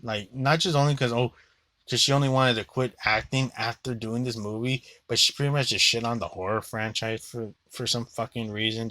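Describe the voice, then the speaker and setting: A man's voice: medium pitch, pushed and bright, no room sound. A young man giving a rambling, blunt movie review monologue, swearing freely and filling gaps with "like".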